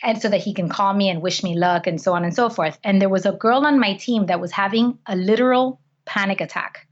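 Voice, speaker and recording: A woman's voice: mid-range voice, fairly quick. A woman talks as a podcast guest, sharing personal stories with earnest feeling. She often restarts her sentences as she goes. The recording sounds slightly muffled and lo-fi. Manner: earnest, heartfelt, frequent restarts. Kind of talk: conversational storytelling.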